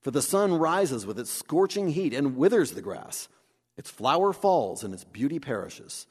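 A man preaching a sermon, animated, acting out the voices he quotes. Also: mid-range voice, normal speed, slightly rough. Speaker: pastor. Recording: long hall reverb.

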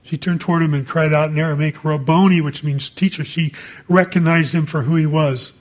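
Conversational male preacher, slightly high voice. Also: steady tone, brisk. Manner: conversational preaching, reading scripture aloud with asides. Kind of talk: sermon.

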